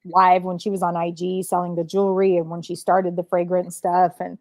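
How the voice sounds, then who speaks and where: A woman's voice: fairly low pitch, monotone, moderate pace, a little mellow, no echo. A woman co-hosting a casual chat, mostly giving short, supportive agreeing replies.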